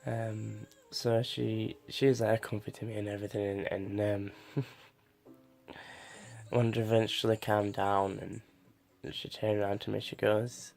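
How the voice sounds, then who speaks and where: Young man for a to-camera vlog: gravelly, slightly low, halting and full of restarts. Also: flat delivery, a little mellow, soft background music. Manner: halting, many restarts and fillers. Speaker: vlogger. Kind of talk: personal storytelling to camera.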